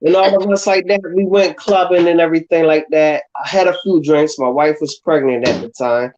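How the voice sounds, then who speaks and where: A man's voice: fairly high pitch, brisk. A man telling a rowdy story in casual livestream talk. He acts out the other people in the story as he goes. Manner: animated, acts out voices in his stories. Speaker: guest. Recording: dull, lo-fi call audio.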